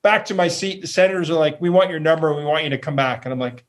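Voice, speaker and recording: A man from Canada, a professional fan entertainer, telling animated stories in an interview, acting out quotes and laughing often. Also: fairly high pitch, fast.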